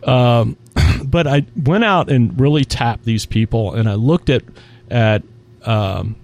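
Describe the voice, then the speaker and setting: Male guest, restaurant executive, warm low-key tone, lively storyteller who voices the people in his anecdotes. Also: takes it slowly. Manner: animated storyteller acting out quoted dialogue. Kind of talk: casual interview storytelling.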